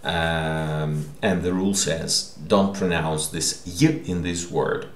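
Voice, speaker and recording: A man teaching a language lesson, repeating words slowly and checking in with the listener. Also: extremely low pitch, fairly even intonation. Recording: echoey room.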